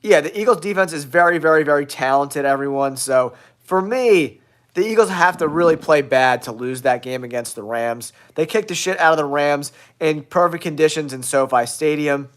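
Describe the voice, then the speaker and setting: A man's voice: on the high side, moderate pace. Nasal man with a cold, hot takes. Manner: blunt, excitable hot takes addressing viewers. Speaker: sports show host. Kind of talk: casual football talk show.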